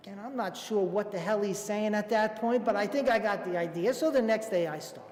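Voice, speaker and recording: A Brooklyn, New York man in his fifties tells a comic, self-mocking story on a theater stage, his voice high-pitched, fairly quick, and darkish in tone. The recording carries the echo of a theater hall.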